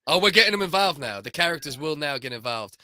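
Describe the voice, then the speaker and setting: A man's voice: fairly high pitch, animated, fast, bright, forceful tone, no room sound. A man from Staten Island with a New York accent, co-hosting a podcast in crude, rambling, laugh-filled banter. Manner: rambling, laughs often, swears a lot. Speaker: podcast co-host.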